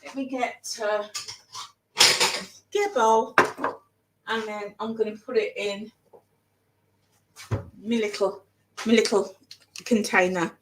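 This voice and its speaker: A woman's voice: medium pitch, steady tone, slow, pauses often, background noise. A woman chatting casually in her home kitchen as she cooks, rambling and repeating phrases for emphasis. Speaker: vlogger. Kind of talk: casual chat while cooking.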